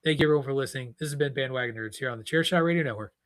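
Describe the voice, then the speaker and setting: A middle-aged man hosting a podcast, telling stories in casual, animated chat and rambling with restarts. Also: medium pitch, very fast. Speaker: podcast host.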